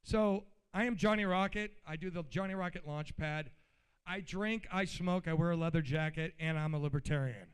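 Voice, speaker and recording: A man with a light, high voice stands at a convention hall podium giving an informal political speech, blunt and fired up. He uses loose, colloquial phrasing and keeps shifting from plain explanation into heated outbursts, talking at a normal speed with a smooth voice.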